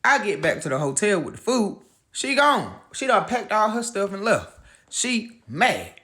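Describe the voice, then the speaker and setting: A man's voice: high-pitched, very animated, a little slow, bright, forceful tone. A man casually telling a personal story, retelling the dialogue in a conversational way.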